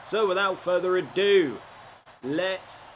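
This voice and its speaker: A man playing a wrestling video game and reacting with playful, animated commentary. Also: sits high, slow pace, a little hiss or hum. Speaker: game player. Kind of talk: gaming commentary.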